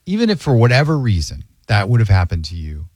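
A man's voice: lowish voice, sing-song, fast talker, dry recording, clean studio sound. A man hosting a casual talk show, rambling with lots of fillers as he talks with callers. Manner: rambling, warm-hearted, filler-heavy. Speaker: host. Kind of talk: casual podcast chat.

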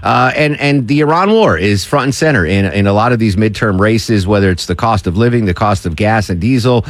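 A man's voice: lowish voice, brisk, no room sound. A man hosting a morning talk radio show, bantering with a co-host and reading promos with emphasis. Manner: chatty, jokey, reads promos with emphasis. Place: radio studio.

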